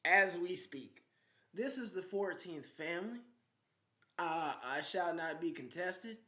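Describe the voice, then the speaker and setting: Young man, defiant rambling monologue, high voice, repeats phrases, echoey room. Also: unhurried, pushed and bright. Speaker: self-styled spiritual leader addressing world leaders.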